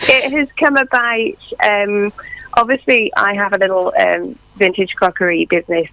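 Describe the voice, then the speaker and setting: Gravelly-voiced woman guest on the phone. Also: medium pitch, steady tone, unhurried, long pauses, pushed and bright, no room sound, poor audio. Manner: earnest, rambling with fillers. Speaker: radio guest, small business owner. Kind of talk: casual phone interview.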